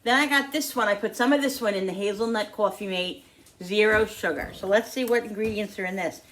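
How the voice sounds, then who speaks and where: A woman talking casually to the camera in her home kitchen, chatty and quick to vent when annoyed. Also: mid-range voice, slight background noise. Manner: chatty, animated, prone to exasperated venting. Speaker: home cooking vlogger.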